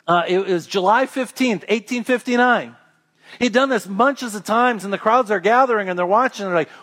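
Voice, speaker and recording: A man preaching a sermon as a pastor, telling a story with lively crowd voices before growing quiet and earnest. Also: sits high.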